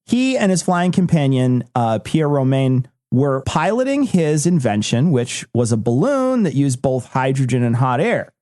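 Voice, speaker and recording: A man's voice: mid-range voice, big pitch swings, measured pace, few pauses, warm tone. A man hosting a comedy podcast, reading out facts in a wry, matter-of-fact way with joking asides. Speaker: podcast host reading the list.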